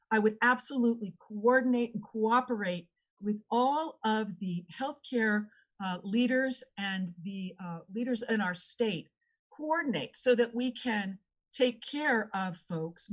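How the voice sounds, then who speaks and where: Earnest woman candidate at a debate. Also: medium pitch. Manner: earnest, with frequent fillers and restarts. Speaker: political candidate. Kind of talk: debate answer.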